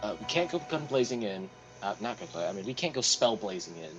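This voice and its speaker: A man's voice: on the low side, lively intonation, fast, fairly bright tone, faint music behind, rough recording. A man playing a tabletop role-playing game, rambling and thinking aloud as he plans, with frequent restarts. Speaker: player. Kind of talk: casual tabletop role-play.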